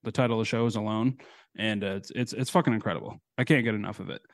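A man's voice: on the low side, fairly even intonation, very fast, no room sound, studio quality. A young man co-hosting a podcast, telling a story in casual chat, swearing and laughing a lot. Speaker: podcast co-host.

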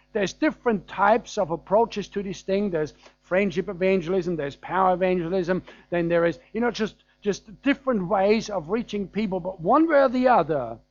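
A German-accented preacher delivers his sermon conversationally, telling anecdotes dotted with frequent fillers and little chuckles. His voice sits a little high for a man. The recording is dry and dull, with no room sound, no echo, and a muffled top end.

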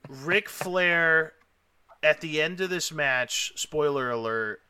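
A man hosting a casual chat, telling a story with excitable, emotional energy and lots of rambling. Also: a little high, slow pace, clear, resonant tone, no echo. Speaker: podcast host.

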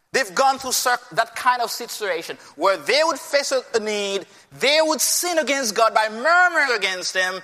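A man's voice: high-pitched, sharp tone, in a large hall. A man preaching a sermon with emphasis, often putting rhetorical questions to his listeners.

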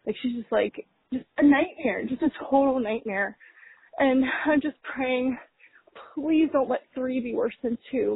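Young mom caller, husky high voice, rambling emotional rant over a tinny phone line. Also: female voice, no echo. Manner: rambling, many fillers, strained and emotional. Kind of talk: tearful venting rant.

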